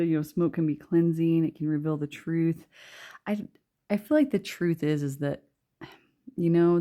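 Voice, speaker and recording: This is a young woman doing a casual pick-a-card tarot reading, her voice sitting low and mellow. She talks in a loose, rambling way full of fillers, and reads out card messages as she goes. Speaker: tarot reader.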